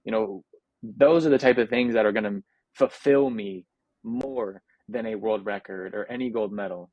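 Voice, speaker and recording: A man's voice: fairly low pitch, moderate pace, no echo, muffled recording. A young man from the United States, speaking as an interview guest in a reflective, earnest way, with frequent restarts and fillers. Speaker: interview guest, Paralympic athlete. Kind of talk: casual interview.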